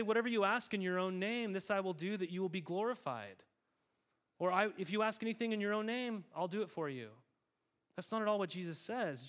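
A male pastor giving a sermon in a conversational, emphatic way, often repeating words. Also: sits high.

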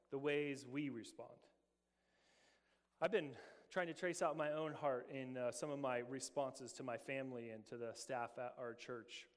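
A man's voice: a little high, big-room sound. A middle-aged man preaching a sermon as pastor, earnest, asking many rhetorical questions and often repeating words.

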